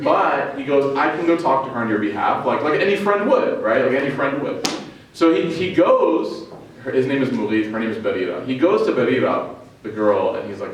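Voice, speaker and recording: A man's voice: medium pitch, expressive, brisk, noisy background. A man from Chicago teaching Islamic studies to college students in a casual storytelling way, acting out the dialogue of the people in his story and joking with the audience. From Chicago, United States. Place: lecture room with a student audience. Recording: very echoey room, mic at a distance.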